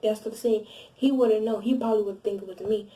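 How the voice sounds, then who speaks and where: A woman's voice: mid-range voice, fairly quick, far from the mic, a little hiss or hum. Blunt, swearing young woman telling a story. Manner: animated and blunt, heavy swearing, frequent restarts and asides. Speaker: vlogger. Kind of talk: casual storytime monologue. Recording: roomy echo, voice set back from the mic.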